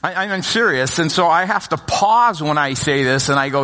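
Bright-voiced pastor in a reverberant church. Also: male voice, a little high, fairly quick. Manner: storytelling with humor, lively asides to congregation. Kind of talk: sermon. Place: church sanctuary. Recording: long hall reverb.

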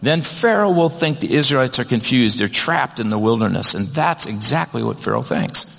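Man, pastor, sermon, conversational, restarts, mid pitch, long reverb. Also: expressive, normal speed, vocal fry, a bit bright. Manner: conversational preaching with many restarts and "kind of".

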